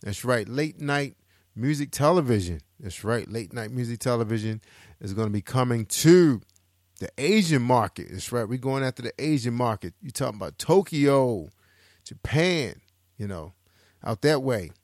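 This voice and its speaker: Male podcast host, mid pitch, casual upbeat promo delivery with repeated catchphrases; dry, dead room. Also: lively intonation, moderate pace, a little mellow, no room sound. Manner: upbeat, repeats phrases for emphasis. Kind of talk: casual radio-style promo chat.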